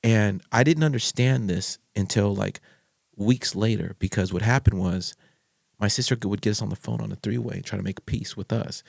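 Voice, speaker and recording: A middle-aged man, a podcast guest, candidly telling a personal story in an animated way and stopping to restart his sentences. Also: fairly low pitch, moderate pace, gravelly, dry recording, studio quality. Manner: animated, acts out others' voices, frequent restarts.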